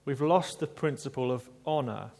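A man delivering a sermon at a steady, medium pitch. He speaks in a measured, reflective way and slows down for emphasis. Now and then he turns to his listeners with a light aside. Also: vocal fry. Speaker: preacher.

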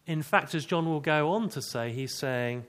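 Earnest male preacher, slightly high. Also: a bit bright. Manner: earnest, emphatic, reads scripture slowly. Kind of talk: sermon.

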